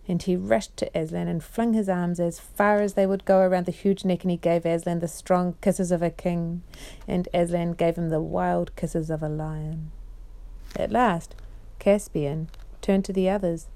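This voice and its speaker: A woman reading a storybook chapter aloud at bedtime in a gentle, measured way. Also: lowish voice, level tone.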